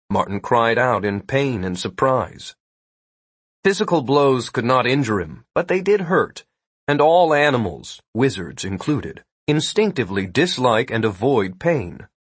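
A man's voice: mid-range voice, breathy edge, dry recording. A man narrating an audiobook in a wry storytelling manner, read on a close, dry mic.

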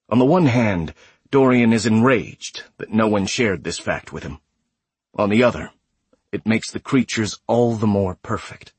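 A man reading a sci-fi horror story aloud in a measured, graphic storytelling manner. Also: fairly low pitch, animated, husky, dry recording. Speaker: narrator. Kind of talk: scripted audiobook narration.

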